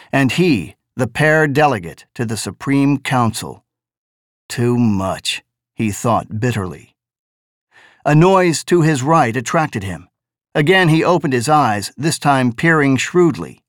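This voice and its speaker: A man reading a novel aloud as narrator, in a measured, deliberate way. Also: mid-range voice, no room sound, studio quality. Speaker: audiobook narrator.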